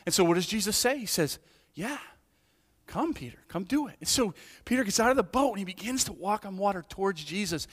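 A man preaching with a fairly high voice that drops low and soft, then climbs to emphatic peaks. He restarts often and checks in with the congregation as he goes. His words ring out with a long hall reverb. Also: a little fast. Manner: animated, swings from hushed to emphatic, frequent restarts and "right?". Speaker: pastor. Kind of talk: sermon.

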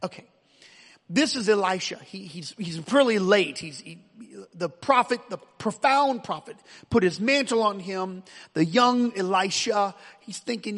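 A man's voice: high-pitched, animated, normal speed, a bit bright, in a large hall. A man preaching a sermon as pastor, emphatic, with frequent repeated words and restarts.

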